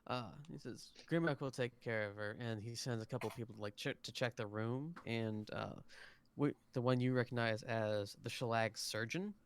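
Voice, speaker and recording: A man's voice: mid-range voice, steady tone, moderate pace, slight background noise. A man narrating as game master of a tabletop game on a live stream, rambling through scenes with frequent fillers. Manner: rambling, many fillers and restarts. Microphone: close desk mic, online stream.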